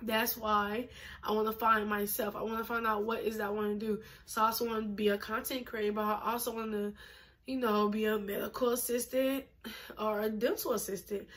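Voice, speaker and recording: A woman's voice: on the high side, a bit bright. A woman of twenty, pregnant and a little out of breath, chatting casually to camera as a vlogger, emphatic and full of fillers. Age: 20s. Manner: chatty, emphatic, uses lots of fillers and laughs.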